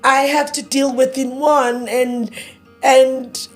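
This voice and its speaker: A woman in her thirties speaks in a high, husky voice as she recounts her grief in an interview. She is emotional and repeats herself, acting out past arguments as quoted dialogue. Soft music plays faintly behind her. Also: little pitch movement, takes it slowly. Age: 30s. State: grieving. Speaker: interview guest. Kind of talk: personal storytelling interview.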